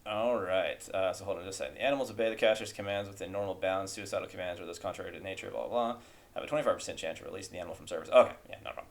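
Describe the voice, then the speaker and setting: Brief: low male game master, casual, reads rules quickly, easy chuckles. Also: gravelly. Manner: casual, rattles through rules text, chuckles often. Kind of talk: running a tabletop game.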